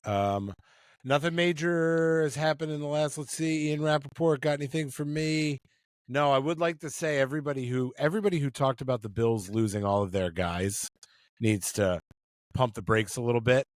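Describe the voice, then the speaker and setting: A man's voice: medium pitch, moderate pace, dry recording. A man co-hosting a casual sports podcast, joking and rambling with restarts over a remote call. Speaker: podcast co-host. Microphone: remote call mic.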